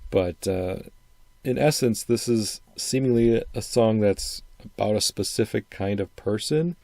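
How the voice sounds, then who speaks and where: A man's voice: lowish voice, unhurried, a little mellow, no echo. A middle-aged man from Wisconsin with a faint upper Midwestern accent, hosting a solo podcast in a rambling, thinking-aloud way. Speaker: podcast host. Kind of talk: casual solo podcast commentary.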